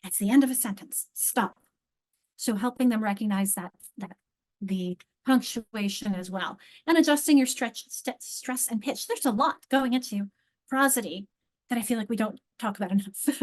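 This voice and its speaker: A woman with a slightly high voice leads a teacher training over a video call. She talks in a chatty, informal way, restarting her sentences often. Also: animated, normal speed. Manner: chatty, with frequent restarts and modeled read-alouds. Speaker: literacy trainer.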